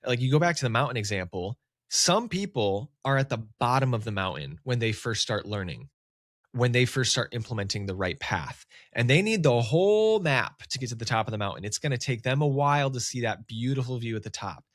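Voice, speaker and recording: A man talking casually as a business coach on a solo podcast, with lively emphasis. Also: mid-range voice, a little fast, no room sound, clean studio sound. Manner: casual, conversational, animated emphasis.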